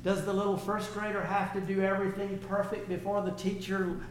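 An older man preaching a sermon in a folksy way, repeating his phrases and swinging between soft and loud. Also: sits high, level tone, fairly quick.

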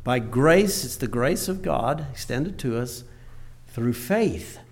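An older man preaching a sermon in a folksy way, repeating his phrases and swinging between soft and loud. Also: medium pitch, lively intonation, takes it slowly.

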